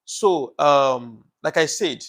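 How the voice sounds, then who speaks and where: A man's voice: fairly high pitch, takes it slowly, fairly bright tone. A man hosting a casual live broadcast, thanking viewers by name and preaching passionately about politics, with many fillers and repeats. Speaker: live-stream host.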